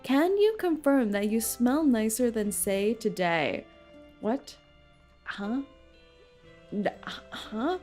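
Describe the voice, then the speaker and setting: A woman's voice: fairly high pitch, lively intonation, takes it slowly, long pauses, a little mellow. A young woman streaming a game, chatting casually and breaking into frequent laughter. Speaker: VTuber streamer. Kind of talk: casual live-stream chat over gameplay. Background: faint game music.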